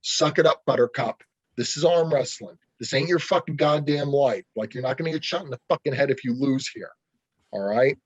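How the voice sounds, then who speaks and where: Male arm wrestler guest, husky and profane, dull call-quality recording. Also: mid-range voice, fairly quick, no echo. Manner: blunt, profane, heated ranting. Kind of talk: casual interview over a call.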